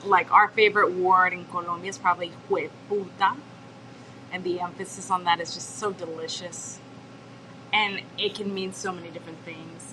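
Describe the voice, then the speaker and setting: A woman's voice: fairly low pitch, noisy background. A woman guest on a chat show, a mother, telling stories candidly and swearing a lot. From United States. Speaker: mother of a toddler. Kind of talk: casual chat.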